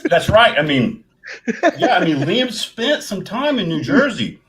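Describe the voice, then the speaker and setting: A man's voice: high voice, measured pace. Rambling man hosting. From Kentucky, USA. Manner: rambling, animated storyteller. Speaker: host. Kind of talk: casual livestream chat.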